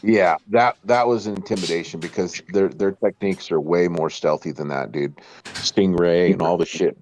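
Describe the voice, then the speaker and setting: A man's voice: low voice, normal speed, darkish tone, a little hiss or hum. A man in casual chat, laid-back, saying "dude" and "you know" often. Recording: dull dry lo-fi sound.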